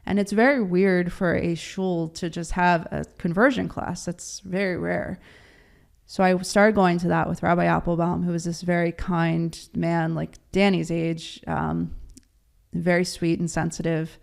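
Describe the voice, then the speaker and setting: A woman with a lowish voice and a lot of gravelly fry tells her story as an interview guest. She talks casually, laughs often and acts out what others said. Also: fairly even intonation, unhurried, a little mellow. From Baltimore, USA.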